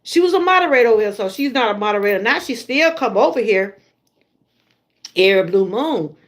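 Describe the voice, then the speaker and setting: A woman's voice: on the high side, expressive, brisk. A middle-aged woman with a Southern US accent, chatting casually to her viewers on a livestream and laughing often. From Georgia, USA. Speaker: livestream host.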